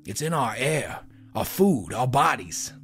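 Weary, haunted male investigator, grave and ominous, mid-pitched, read by a male narrator. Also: big pitch swings, unhurried, fairly bright tone, soft background music.

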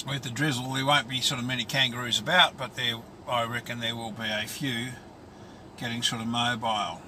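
A man's voice: mid-range voice, flat delivery, fairly quick, bright, forceful tone, a little hiss or hum. An Australian man vlogging in a casual, rambling monologue, crude and colloquial, talking from his car.

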